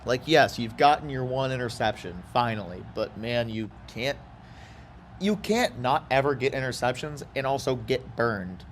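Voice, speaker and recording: Man, casual gaming commentary, chatty, excitable bursts, rambling asides, faint background hiss. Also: mid-range voice, moderate pace. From Houston, Texas. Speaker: gaming YouTuber. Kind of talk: casual video game commentary.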